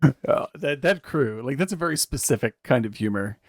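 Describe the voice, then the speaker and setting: A man's voice: mid-range voice, expressive, normal speed, no echo, clean studio sound. A man co-hosting a casual movie podcast, rambling, laughing often and swearing freely. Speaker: podcast co-host.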